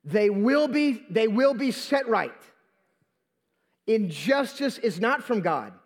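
Speaking slowly and expressively in a high voice, a pastor preaches to his church on a Sunday, live. He restarts words and repeats phrases for emphasis, captured on a handheld or stand microphone.

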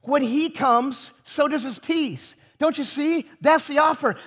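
A man's voice: very high voice, animated, a little slow. A pastor preaching a sermon to his congregation, emphatic and full of rhetorical questions.

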